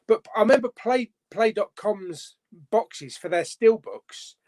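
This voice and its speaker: High-voiced man hosting a chat. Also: lively intonation, measured pace, darkish tone. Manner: chatty, swears casually, bantering. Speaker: host. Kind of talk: casual chat on a live stream.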